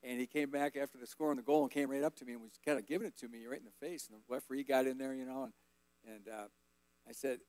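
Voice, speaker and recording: A man in his fifties giving a relaxed, rambling personal testimony as guest speaker at a church service. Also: medium pitch, quick pace, no echo. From Colorado, USA. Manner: relaxed, folksy, rambling with fillers.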